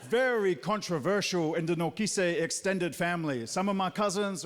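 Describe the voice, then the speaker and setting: High-voiced New Zealand man doing stand-up. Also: normal speed, few pauses, big-room sound. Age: 30s. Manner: punchy, mocking asides and put-on voices. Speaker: stand-up comedian. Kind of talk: stand-up comedy set. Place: large theatre stage.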